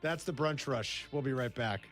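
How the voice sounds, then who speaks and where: A man's voice: mid-range voice, moderate pace, soft background music. A man hosting sports radio, teasing his co-workers in casual studio banter. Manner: teasing, exclamatory, lively.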